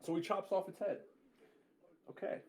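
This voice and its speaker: A man's voice: sits high, steady tone, moderate pace, darkish tone. A man narrating a tabletop game as game master, casual, often swearing and correcting himself mid-sentence.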